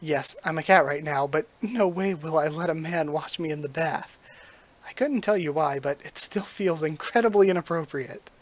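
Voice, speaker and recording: A man's voice: a little high, moderate pace, natural voice. A man reading the lines of a shy young witch girl, an anxious, self-scolding inner monologue read aloud from a manga. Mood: flustered.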